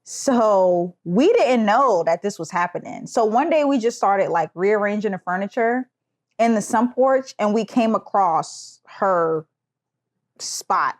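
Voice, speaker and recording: Young woman on a chatty podcast, does voices, pitch all over the place. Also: slow pace. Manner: animated storyteller who does voices. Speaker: podcast co-host. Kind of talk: casual chat.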